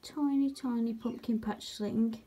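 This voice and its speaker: A young British woman in a casual home vlog, showing off her new pet tarantula and often slipping into a high, slow baby voice to coo at it. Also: steady tone, warm tone, breathy edge. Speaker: vlogger showing her pets.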